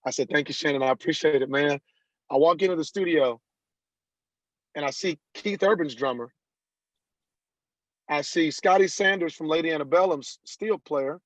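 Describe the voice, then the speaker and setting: A man, a country singer guest on an interview podcast, telling stories lively and acting out the people he quotes. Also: on the high side, no echo. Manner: animated storyteller who acts out quoted dialogue. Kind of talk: casual interview storytelling. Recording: dull lo-fi dry sound.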